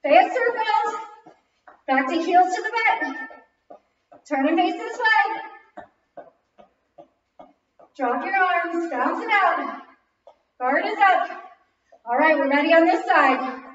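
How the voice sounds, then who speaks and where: A woman's voice: extremely high pitch, slow pace, long pauses, noisy background. A female fitness instructor leading a kickboxing class, counting reps and calling moves while working out, a little out of breath. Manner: energetic counting and cueing while exercising. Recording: very echoey distant lo-fi recording.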